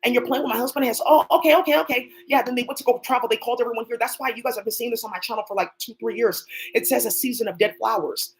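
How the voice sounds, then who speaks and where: The recording is rough, with a little hiss or hum, as a woman with a slightly high voice hosts her channel. She rambles rapidly and profanely off the cuff, speaking to unseen people.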